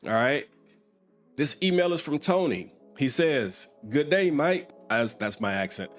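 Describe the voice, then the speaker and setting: A former police officer hosting a show, talking in a loose, conversational commentary style with wry asides. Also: male voice, medium pitch, sing-song, unhurried, a bit bright, soft background music. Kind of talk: casual commentary.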